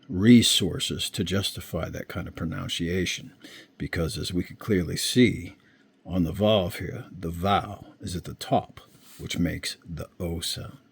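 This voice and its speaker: Low husky guy walking through a bible lesson, slow and chatty, keeps asking if you see it. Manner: slow, unhurried explaining with frequent check-ins. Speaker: Bible teacher. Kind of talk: informal screen-share teaching.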